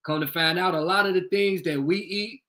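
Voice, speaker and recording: High bright-voiced male podcast host. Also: fairly even intonation, a little fast, a little hiss or hum. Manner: laughs easily, curious, interjecting. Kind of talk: casual chat.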